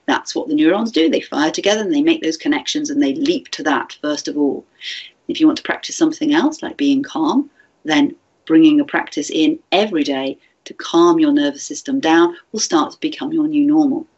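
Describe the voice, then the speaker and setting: A woman giving a gentle, chatty teacher training talk, with fillers and restarts. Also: deep voice, slightly rough, dull audio.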